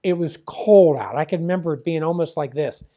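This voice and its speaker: A man's voice: fairly high pitch, a little fast, warm tone. An older man from the Pittsburgh area, a former wrestling promoter, telling a rambling story full of fillers and acted-out dialogue. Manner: chatty, many fillers, acts out quoted dialogue.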